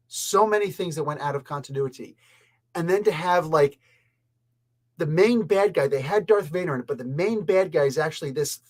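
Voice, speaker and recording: A man from Canada hosting a casual review show, talking in an exasperated, rambling, emphatic way. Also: on the high side. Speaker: comic and pop culture reviewer.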